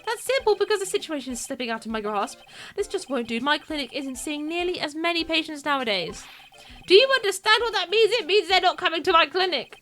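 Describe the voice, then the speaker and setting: A woman's voice: very high-pitched, expressive, a little fast, sharp tone, faint music behind, pitched above the performer's own voice, heavily acted. Woman voicing a pompous ranting male surgeon. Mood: exasperated. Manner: ranting, self-important. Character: arrogant middle-aged male surgeon, pompous and indignant.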